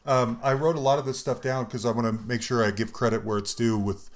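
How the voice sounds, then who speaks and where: A man's voice: mid-range voice, flat delivery, fairly quick. Male podcast host, mid-range voice, casual and inquisitive, keeps the conversation easy. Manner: chatty, curious questioner. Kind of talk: casual interview.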